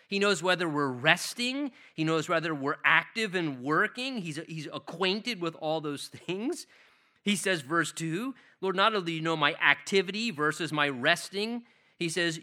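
Male preacher, high and bright, emphatic scripture reading, conversational asides. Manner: emphatic, reads scripture slowly with stress; conversational, asks the audience rhetorical questions. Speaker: pastor. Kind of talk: expository sermon.

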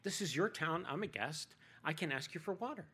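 A man's voice: a little high, expressive, fairly quick, fairly bright tone, breathy edge, voice pushed up. A man voicing Jesus as a teacher who answers with probing questions, in a sermon retelling.

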